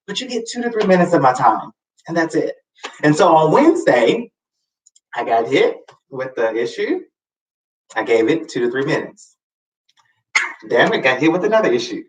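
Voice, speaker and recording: A man hosting a live show, telling a personal story in a casual, expressive way with sassy asides and sudden high swoops for emphasis. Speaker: host. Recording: roomy, slightly distant mic.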